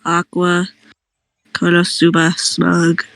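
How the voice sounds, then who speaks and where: A woman's voice: lowish voice, monotone, slow, vocal fry, a bit bright, dry recording. A woman chatting casually with friends, talkative and laughing often. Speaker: friend in a gaming chat. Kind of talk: casual chat.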